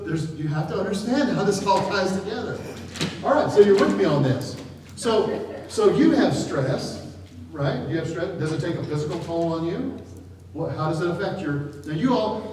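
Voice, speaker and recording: A man's voice: high voice, darkish tone. A middle-aged man giving a chatty, jokey seminar talk to a live audience, often laughing as he speaks. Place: large room with an audience. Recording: distant, echoey hall with noise.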